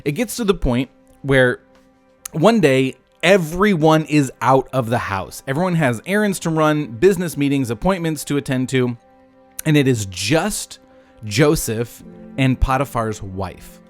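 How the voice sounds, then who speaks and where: A man's voice: medium pitch, measured pace, faint music behind. A man hosting a podcast, retelling a Bible story in a casual, jokey way and breaking off into asides. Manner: animated, jokey, self-interrupting. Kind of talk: casual retelling with acted voices.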